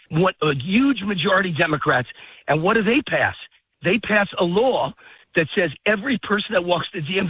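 A man's voice: sits high, slightly rough, dry recording. A man guest on a political radio show, heated and ranting, out of breath while walking his dog in a park. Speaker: phone-in guest. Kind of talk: political talk radio interview. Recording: tinny phone line.

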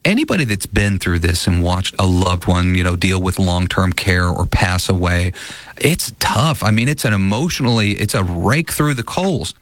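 A man's voice: low voice, sing-song, normal speed, no echo. A man hosting a financial advice radio show, talking earnestly in a folksy, casual way.

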